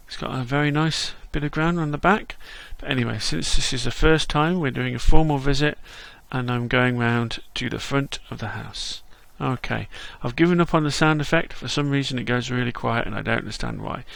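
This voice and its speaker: A man's voice: medium pitch, normal speed, gravelly, a bit bright. A man giving cheerful, chatty running commentary as he plays and shows off a game world. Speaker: game video host.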